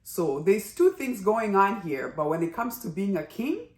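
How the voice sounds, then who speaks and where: Brief: chatty woman drama reviewer, animated and exclamatory, in an echoey room. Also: medium pitch, unhurried. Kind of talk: casual review vlog.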